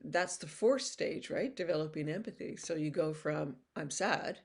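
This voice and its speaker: In this recorded lecture, an older woman speaks at normal speed with a deep, faintly mellow voice. She keeps things loose and chatty, often starting phrases over and dropping in "you know," and she mimics toddlers' voices whenever she quotes them.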